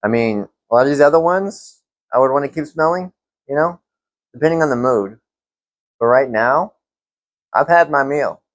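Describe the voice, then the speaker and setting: A young man reviewing fragrances in a casual vlog, relaxed and rambling with lots of fillers. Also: medium pitch, moderate pace, pauses often, no room sound.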